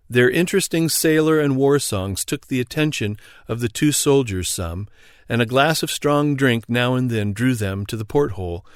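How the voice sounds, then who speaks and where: A man narrating an audiobook in a steady, even storytelling read. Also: medium pitch, no echo, studio quality. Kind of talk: scripted narration.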